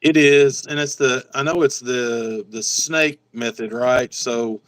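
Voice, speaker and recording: A man's voice: mid-range voice, fairly even intonation, slow pace, fairly bright tone, dry recording, low-quality recording. A laid-back man chatting on a livestream from home, laughing easily and reading out names from the chat. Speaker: guest and fellow collector.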